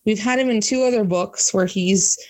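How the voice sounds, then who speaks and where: A woman's voice: medium pitch, normal speed. A woman co-hosting a casual book discussion, thinking aloud with many fillers and restarts. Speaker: podcast co-host.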